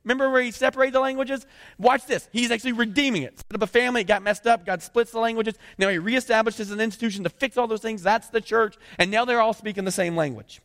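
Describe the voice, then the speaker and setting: A man preaching a sermon, reading scripture aloud and breaking into lively conversational asides. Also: high-pitched, fast, long reverb tail. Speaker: pastor.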